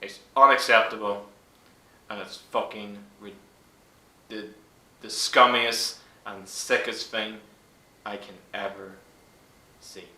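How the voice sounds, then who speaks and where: A man's voice: fairly low pitch, steady tone, slow pace, pauses often, sharp tone. A man in his twenties ranting angrily to camera, swearing hard and stressing his words. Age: 20s. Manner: furious, swearing, emphatic. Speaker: YouTuber. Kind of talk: angry vlog rant. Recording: echoey room.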